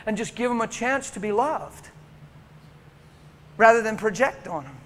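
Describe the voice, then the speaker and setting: A man's voice: high-pitched, unhurried. A middle-aged male pastor telling a story in a sermon, acting out the dialogue with emotion. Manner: animated, acts out dialogue, emotional. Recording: reverberant hall with faint noise.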